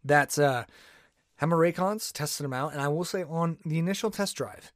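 A man's voice: fairly high pitch, moderate pace, no room sound, studio quality. A man hosting his own podcast, talking alone in a rambling, exasperated way. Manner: rambling and exasperated, with many restarts and laughs. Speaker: podcast host. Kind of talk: casual solo podcast rant. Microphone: podcast microphone.

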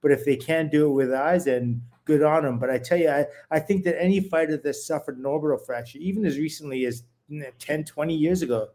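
A man's voice: a little high, quick pace, few pauses, mellow. A man, a former fighter co-hosting a boxing podcast, explaining things at length in loose, restarting sentences. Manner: rambling explanations with many fillers and restarts. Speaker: podcast co-host, former boxer. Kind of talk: casual boxing chat.

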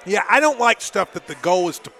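Animated high-voiced man with hiccups. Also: a little fast, some chatter behind. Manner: animated, laughing, chatty. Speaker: podcast co-host. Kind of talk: casual chat.

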